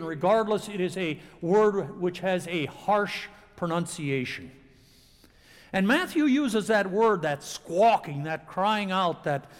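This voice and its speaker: A man preaching a sermon to a congregation, with dramatic pauses and expressive delivery. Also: high voice, long reverb tail. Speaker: pastor. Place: church sanctuary.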